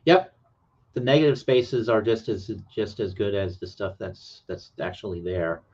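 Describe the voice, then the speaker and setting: A man's voice: fairly low pitch, lively intonation, moderate pace, a little mellow, muffled recording. Rambling man hosting a late-night stream. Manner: rambling, hesitant, many fillers. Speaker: livestream host. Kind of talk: casual livestream chat.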